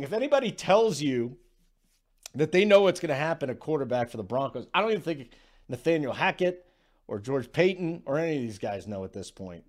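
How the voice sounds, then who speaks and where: Casual male sports betting host, slightly high voice, conversational. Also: a little mellow. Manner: conversational, self-deprecating, quick asides.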